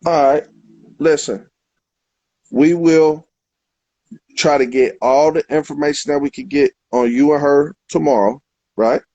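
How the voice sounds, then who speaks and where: A man's voice: on the high side, steady tone, a little slow, long pauses, mellow, no room sound, lo-fi sound. A man hosting a livestream argument, confrontational and profane, often talking over his guests. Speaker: livestream host.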